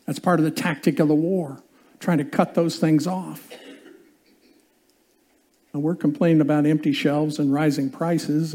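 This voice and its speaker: A man's voice: a little high, mellow. A male pastor preaching a sermon in a conversational way, often asking the congregation questions.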